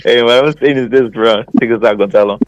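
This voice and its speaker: A man's voice: mid-range voice, steady tone, fast talker, no echo, lo-fi sound, faint music behind. A man hosting a podcast, telling a story in a rambling, profane, casual way with lots of laughter. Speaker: podcast host.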